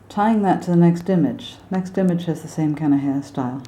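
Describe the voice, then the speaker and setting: A woman's voice: low-pitched, fairly quick, few pauses, mellow. An American woman teaching song lyrics with drawings, chatty and poking fun at her own slips. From United States. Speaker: singing and diction teacher.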